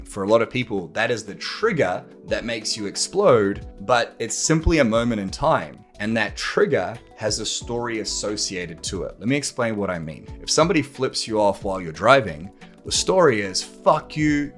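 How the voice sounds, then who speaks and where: A man's voice: fairly low pitch, expressive, normal speed, fairly bright tone, soft background music. A man hosting a podcast, talking straight to the listener in a blunt manner, swearing freely and acting out arguments. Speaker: podcast host. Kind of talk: monologue to camera.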